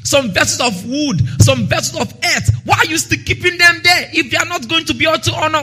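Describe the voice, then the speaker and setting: A man preaching a sermon as pastor, emphatic, calling on the congregation to answer and reading scripture slowly and loudly. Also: extremely high pitch. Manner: emphatic preaching with call-and-response.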